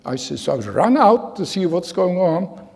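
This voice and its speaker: Older man with a husky, gravelly voice. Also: high-pitched, very animated, normal speed, darkish tone. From Germany. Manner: storytelling, acts out quoted voices. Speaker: Holocaust survivor speaker. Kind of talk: personal testimony talk. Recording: hall with long reverb.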